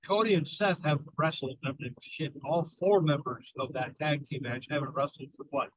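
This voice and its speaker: A man chats loosely on a podcast, laying out his opinions with the occasional swear. His voice is slightly high, and the sound is dry with no room echo. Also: animated, normal speed, a bit bright. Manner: conversational, loose, swears casually. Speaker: podcast co-host. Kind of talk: casual chat.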